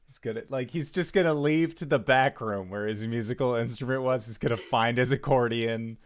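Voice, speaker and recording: A man's voice: mid-range voice, fairly quick. A man playing a tabletop game, describing in a casual, offhand way what his character does. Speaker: player.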